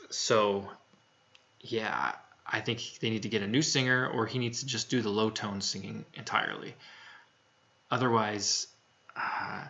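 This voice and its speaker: A man's voice: mid-range voice, pushed and bright, highs cut off. A man talking casually through a music review in a frank, plainspoken way, with lots of fillers and restarts. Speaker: album reviewer.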